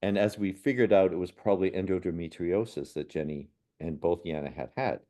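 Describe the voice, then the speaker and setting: A man, a spiritual medium and podcast guest, telling personal stories in an earnest, unhurried way. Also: deep voice. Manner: earnest, unhurried, with soft laughs and restarts. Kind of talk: reflective personal storytelling in a podcast conversation.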